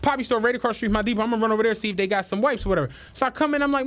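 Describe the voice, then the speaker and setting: A man's voice: very high-pitched, racing, hardly any pauses. Philly guy on a podcast, telling stories, keeps cracking up. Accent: Philadelphia. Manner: animated, laughing storyteller doing quoted voices. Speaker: podcast co-host. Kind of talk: casual chat, storytelling.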